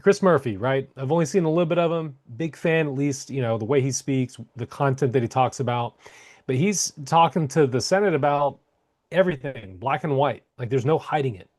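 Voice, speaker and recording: A man's voice: mid-range voice, brisk, a little mellow. A man in a casual political chat talks in long, rambling stretches. He searches for his words and doubles back on himself. He is a co-host speaking with a middle-range voice.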